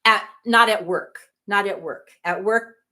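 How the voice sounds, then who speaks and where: A woman's voice: medium pitch, a little slow, pushed and bright. Chatty middle-aged woman hosting a livestream. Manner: chatty, rambling, laughs often, apologetic. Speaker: livestream host. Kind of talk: casual chat reading live comments.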